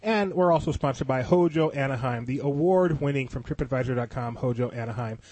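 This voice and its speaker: A man's voice: mid-range voice, brisk, darkish tone. A man hosting a casual podcast, reading sponsor plugs and chatting with a light laugh. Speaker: podcast host.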